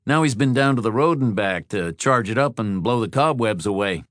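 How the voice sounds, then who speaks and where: A man's voice: mid-range voice, animated, moderate pace, no echo, studio quality, lightly acted. A man voicing a hospitable male motel owner who talks in an obliging, chatty way.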